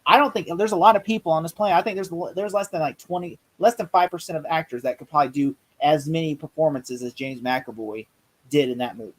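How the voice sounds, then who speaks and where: A man co-hosting a casual movie review chat, rambling excitedly and acting out quotes. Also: fairly high pitch, fast, poor audio. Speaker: podcast co-host.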